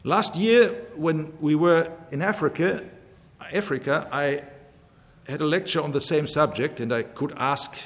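A man preaching a sermon in a measured, emphatic way, slowly repeating his key phrases. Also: a little high. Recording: long hall reverb.

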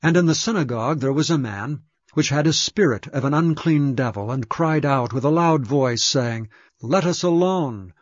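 Man, scripture reading, measured, solemn, mid-pitched, dry dull recording. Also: dry recording. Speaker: scripture reader.

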